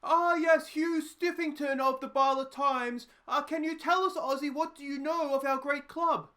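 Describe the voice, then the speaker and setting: A man's voice: very high-pitched, steady tone, normal speed, sharp tone, pitched above the performer's own voice. A man voicing a pompous male local newspaper reporter with a stuffy, formal manner.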